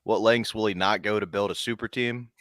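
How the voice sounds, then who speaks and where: A man's voice: fairly low pitch, steady tone, fairly bright tone, no echo. Dry-voiced playful male co-host. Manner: playful, quick teasing banter. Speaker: podcast co-host. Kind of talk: casual comedy chat.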